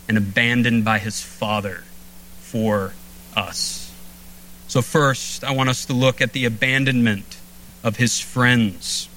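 Earnest guy preaching a sermon, bright forceful voice, slows way down on the big lines, faint hum behind. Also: low-quality recording. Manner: earnest, slows and drops low on key phrases. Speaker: pastor.

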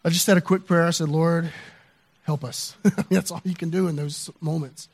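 A man's voice: on the high side, fairly even intonation, quick pace, gravelly, breathy edge. A man pastor telling a neighborhood story in a sermon, chatty and loose, with fillers and restarts.

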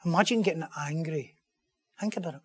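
Impassioned preacher. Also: male voice, on the high side, brisk, husky. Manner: impassioned, builds to loud emphatic rhetorical questions. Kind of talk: sermon.

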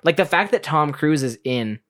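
A man in easy podcast chatter, his pitch leaping around as he gets excited. He swears freely and breaks into bursts of animated retelling while talking through films with a friend. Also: normal speed. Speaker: podcast co-host. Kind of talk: casual movie chat.

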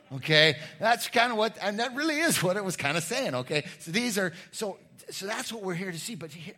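Animated man preaching a sermon. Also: mid-range voice. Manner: animated, emphatic teaching with asides. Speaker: pastor.

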